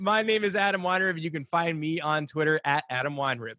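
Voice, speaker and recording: A man's voice: a little high, fairly even intonation, fairly quick, bright, forceful tone, no room sound. A man co-hosting a sports podcast, rambling and joking, with lots of restarts and fillers. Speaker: podcast co-host. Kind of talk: casual sports chat.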